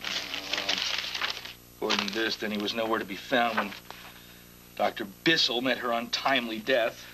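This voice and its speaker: A man's voice: lowish voice, little pitch movement, moderate pace, long pauses, pushed and bright, a little hiss or hum, low-quality recording. An actor playing an agitated, fiercely protective father who talks insistently and raises his voice in a TV drama. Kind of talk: daytime TV drama acting.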